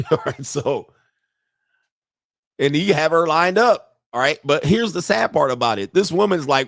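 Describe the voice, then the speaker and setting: A man's voice: on the high side, lively intonation, a little slow, gravelly, pauses often, a bit bright, dry recording, studio quality. Profane, laughing male podcast host. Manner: rambling, profane, laughs often. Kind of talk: casual live-streamed commentary. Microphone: computer mic and webcam.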